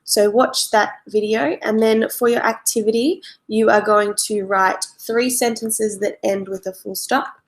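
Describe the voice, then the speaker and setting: A woman, a primary school teacher giving a recorded lesson to children, speaking slowly and clearly. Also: medium pitch, steady tone. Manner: slow and clear, spelling out and explaining for young pupils.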